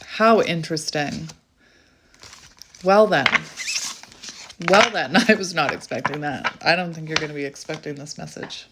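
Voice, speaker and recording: A woman giving a channelled tarot reading in a chatty way, often breaking into excited exclamations. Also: low voice, measured pace, pauses often, very noisy. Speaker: tarot reader.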